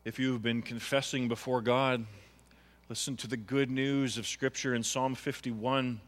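A man's voice: mid-range voice, level tone, a little slow, in a large hall. A man preaching a sermon as pastor, earnest and pleading, building to impassioned appeals. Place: church.

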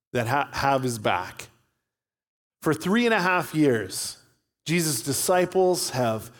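A male pastor preaching a sermon in an earnest, storytelling manner. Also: on the high side.

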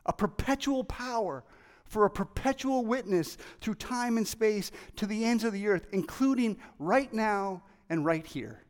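An excitable preacher with a very high, light voice delivers his sermon, acting out the people in the story as he goes. The sound rings with the long reverb of a large hall. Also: a little slow. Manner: excitable, animated, acts out quoted voices. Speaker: pastor.

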